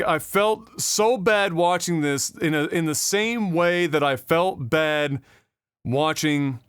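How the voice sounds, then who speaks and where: High-voiced man ranting on a podcast. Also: a bit bright, clean tone, no room sound, studio quality. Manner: profane, rambling rant with many fillers. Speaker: podcast co-host. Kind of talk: casual podcast chat.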